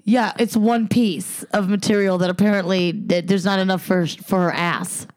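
A woman's voice: mid-range voice, steady tone, moderate pace, darkish tone. A young adult woman co-hosting a podcast, trading crude, mocking jokes in brash, profane banter. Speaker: podcast co-host.

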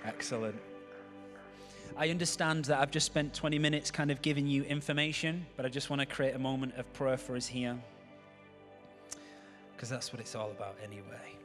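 Pastor, male, mid-pitched, conversational sermon with jokes, faint music behind. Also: moderate pace. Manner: chatty, joking asides to the congregation.

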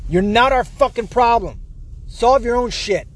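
A man's voice: extremely high pitch, animated, unhurried. A man from the United States ranting heatedly and sarcastically to the camera, swearing often. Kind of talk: profane political rant.

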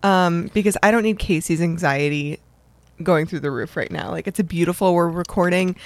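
A woman's voice: lowish voice, moderate pace, no echo. A young adult woman co-hosting a casual podcast, chatty, laughing often and acting out her own remarks. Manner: chatty, laughs often, quotes herself in lively voices. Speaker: podcast co-host. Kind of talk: casual chat. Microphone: studio microphone.

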